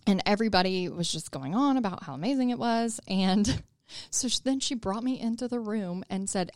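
Smooth-voiced chatty woman telling a story. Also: a little high, expressive, brisk, no echo, clean studio sound. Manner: chatty, many fillers and "like"s. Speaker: small business owner, interview guest. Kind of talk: casual storytelling in an interview.

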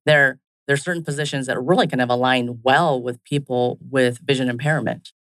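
A man's voice: mid-range voice, steady tone, a little fast, a bit bright, no echo, poor audio. A man being interviewed as a business leader, speaking in business phrases and leaning on "kind of" and "right?". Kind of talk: conversational interview.

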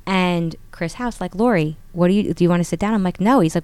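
A woman in her forties telling a personal story in a casual interview, animated and acting out the voices of others. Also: quick pace, clear, resonant tone, no echo. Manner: animated, acts out quotes with rising pitch. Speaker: guest.

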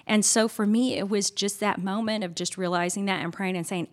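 A middle-aged woman, a guest in an interview, telling a personal story in an earnest, candid way and getting animated when she retells scenes. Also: mid-range voice, fairly quick, few pauses.

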